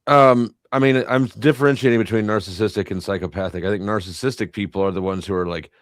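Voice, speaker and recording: Blunt, profane man, low dry voice. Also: fairly even intonation, quick pace, no room sound. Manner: blunt, profane, rambling restarts. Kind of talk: casual panel chat.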